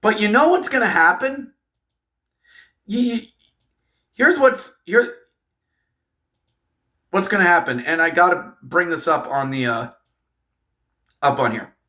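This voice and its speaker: A man ranting through a fan recap of a hockey game, exasperated and sarcastic, breaking into shouts. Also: a little high, lively intonation, normal speed, pauses often.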